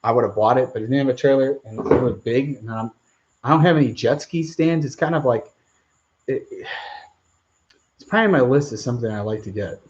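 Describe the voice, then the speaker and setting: A man's voice: mid-range voice, fairly quick, muffled recording, a little hiss or hum. A man hosting a live stream Q&A outdoors, rambling casually as he reads out viewer comments. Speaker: channel host.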